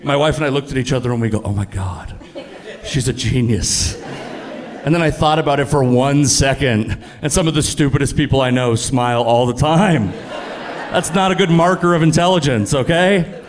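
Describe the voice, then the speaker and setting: A man in his thirties doing stand-up comedy into a stage mic, his voice sitting slightly high. He delivers every line in a punchy, animated way and spikes upward whenever a punchline lands. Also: fairly quick. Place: comedy club stage before a laughing audience.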